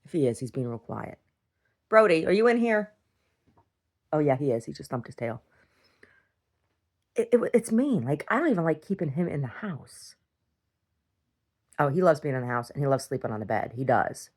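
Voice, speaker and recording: Low-voiced woman ranting in a video diary. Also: very animated, fairly quick, pauses often, darkish tone, slightly rough. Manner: blunt, swears freely, drifts into rants. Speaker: video diarist. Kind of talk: casual rambling monologue.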